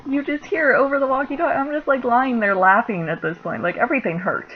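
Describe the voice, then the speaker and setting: A woman's voice: high voice, quick pace, hardly any pauses, husky. A young woman telling a story in a casual vlog, chatty and laughing, with lots of filler words. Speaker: vlogger. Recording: dull lo-fi sound with faint noise.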